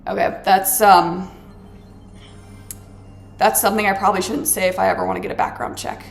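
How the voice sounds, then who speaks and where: Gravelly-voiced woman ranting over gameplay. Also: mid-range voice, steady tone, moderate pace, soft background music. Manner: dramatic, exasperated ranting with sarcastic asides. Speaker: gaming vlogger. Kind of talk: casual ranting chat while playing a game.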